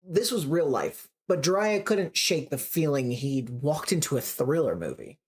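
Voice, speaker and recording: Expressive, playful story reader. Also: medium pitch, unhurried, breathy edge. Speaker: story reader, stream host. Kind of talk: reading a story aloud, with asides.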